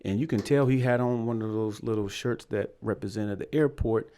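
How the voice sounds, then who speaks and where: A man's voice: on the low side, moderate pace, smooth. A young man from Virginia telling a story on a podcast, acting out the voices of the people in it. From Virginia, USA. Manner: animated storyteller, acts out quoted voices. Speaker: podcast co-host. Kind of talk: casual storytelling chat.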